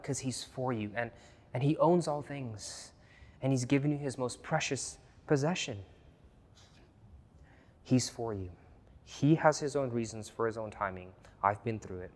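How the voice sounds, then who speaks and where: A pastor delivers an earnest sermon at an ordinary pitch for a man, hammering his points home through repetition. His voice moves from hushed, intimate lines to loud, urgent ones, and a long reverb from a large hall trails every phrase.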